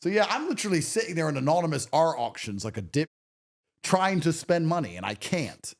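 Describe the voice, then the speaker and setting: A man's voice: fairly high pitch, sing-song, fairly quick, gravelly. A man talking as a podcast guest in a casual chat, brash and profane, telling stories with swagger.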